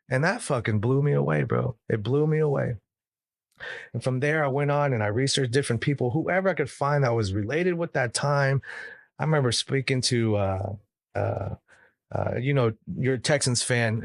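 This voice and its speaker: A man's voice: medium pitch, no echo, studio quality. A man from the United States, a podcast guest telling a story casually, emphatic and profane, acting out the dialogue he quotes.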